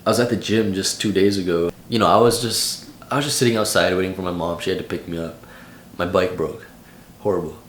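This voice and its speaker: A man's voice: low voice, steady tone, brisk, echoey room, slight background noise. A young man in his late teens giving casual vlog advice in a loose, slangy way full of "like". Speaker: vlogger.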